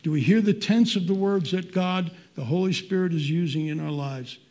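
A man's voice: sits high, normal speed, darkish tone. An older man preaching a sermon in an earnest, conversational way with folksy asides.

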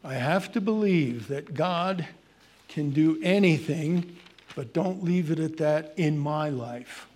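A man preaching a sermon, swinging from loud emphasis to hushed pleading as he addresses his congregation. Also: fairly high pitch, slow. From Irish heritage. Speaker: pastor.

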